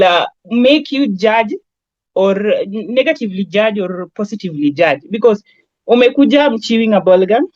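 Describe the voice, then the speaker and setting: A woman's voice: mid-range voice, dry recording, dull audio. A woman with a Kenyan accent giving a lecture on branding, talking in a conversational way with everyday examples. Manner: conversational, with lots of everyday examples and Swahili asides. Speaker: branding trainer.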